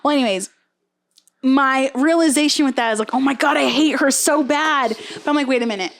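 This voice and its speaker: Young woman, podcast co-host, slightly high voice, lively gossiping storyteller. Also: brisk. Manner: animated storyteller, acts out quotes, frequent "like". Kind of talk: casual chat, retelling a reality show.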